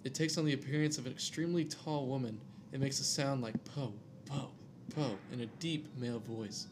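A man's voice: mid-range voice, a little fast, background noise. Casual man reading a scary story. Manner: reads aloud with jokey asides and stumbles over names.

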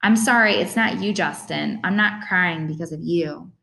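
A woman's voice: mid-range voice, normal speed, close to an everyday voice, poor audio. A woman reading an audiobook voices a teenage girl who sounds defensive and close to tears, her voice raised and strained. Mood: tearful.

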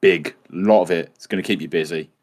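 A man with a low, deep voice chats casually on a podcast. He jokes along and agrees readily with his friends. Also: fairly quick, darkish tone. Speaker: podcast co-host. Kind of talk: casual chat.

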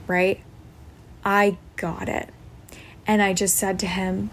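A woman's voice: medium pitch, flat delivery, slow pace, pauses often, a little hiss or hum. A woman podcast host telling a personal story in an earnest, reflective way, often tagging thoughts with "like" and "right?".

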